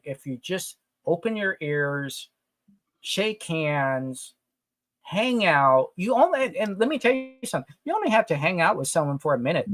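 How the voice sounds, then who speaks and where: A man chatting on a podcast, swapping convention stories with energy and emphasis. His voice sits a little high. The sound is dry and close to the mic. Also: dry recording. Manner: storytelling, animated, emphatic. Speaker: podcast co-host, comic retailer. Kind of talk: casual chat.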